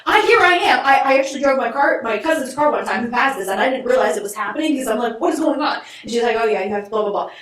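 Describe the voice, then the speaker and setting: A young woman co-hosts a casual podcast and launches into a fast, animated, exasperated rant, peppered with mild swearing. Her voice sits a little high. She sounds distant from the mic, in a heavily echoing room with lo-fi remote audio. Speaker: podcast co-host. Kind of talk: casual chat, ranting. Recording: echoey, distant lo-fi remote recording.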